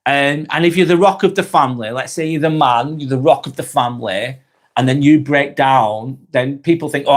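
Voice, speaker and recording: A man hosting a live vlog, thinking out loud in casual chat and swearing freely as he restarts his sentences. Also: mid-range voice. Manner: earnest, swears freely, many restarts and trailing phrases. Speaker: live vlog host reading chat comments.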